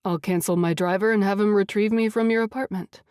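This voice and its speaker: A confident wealthy man with a deep voice, as a woman puts him on in an audiobook reading. He talks in a smooth, assured, teasing way. The sound is dry and close. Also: steady tone, fairly quick, darkish tone, no echo, close to an everyday voice. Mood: assured, flirty.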